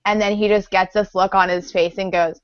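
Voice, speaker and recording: A woman's voice: medium pitch, flat delivery, a little fast, a little hiss or hum. Blunt, dry-humored woman co-host. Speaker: panel co-host. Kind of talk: casual chat. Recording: dry dull lo-fi stream audio.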